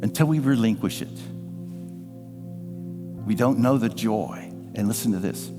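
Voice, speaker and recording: A man preaching a sermon as pastor, telling a personal story with emotion and sometimes dropping to a hush. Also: mid-range voice, animated, unhurried, pauses often, music in the background. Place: church sanctuary. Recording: live church sound with long reverb. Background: band playing softly.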